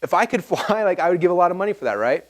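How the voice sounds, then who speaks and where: Fast-talking animated man giving a seminar. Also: high voice. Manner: fast, animated and rambling, with many fillers and restarts. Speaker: marketing seminar speaker. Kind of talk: live seminar talk to an audience.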